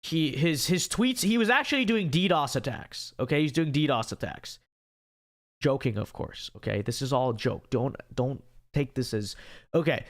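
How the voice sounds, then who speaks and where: A man's voice: medium pitch, animated, normal speed. A young man hosting a casual livestream, reading out super chats and joking around, his voice strained and worn from a long stream. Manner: rambling, joking asides. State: strained, failing voice. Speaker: livestream host.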